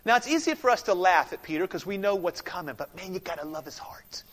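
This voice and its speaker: A man preaching a sermon as pastor, emphatic, swinging from loud declarations to hushed, intense passages, in a church sanctuary. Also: sits high, a little fast, breathy edge. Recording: long reverb of a large sanctuary.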